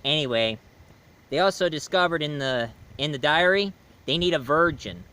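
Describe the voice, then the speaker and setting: A man's voice: fairly high pitch, lively intonation, normal speed, sharp tone, slight background noise, rough recording. A man chatting through a casual video film review, rambling with many fillers and restarts. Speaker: movie reviewer.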